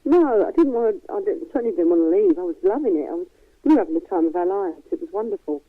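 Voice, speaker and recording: A middle-aged woman with a softened East London accent, a guest chatting frankly and laughing easily. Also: mid-range voice, animated, quick pace, dry recording, phone-quality sound. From East London, England. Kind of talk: casual chat.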